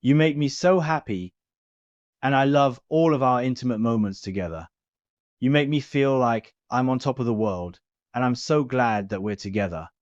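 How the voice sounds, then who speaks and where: A man voicing a tender, affectionate young man in love, speaking softly and sentimentally. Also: medium pitch, moderate pace, no room sound, natural voice. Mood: happy. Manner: soft, gushing and sentimental. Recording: dull lo-fi recording.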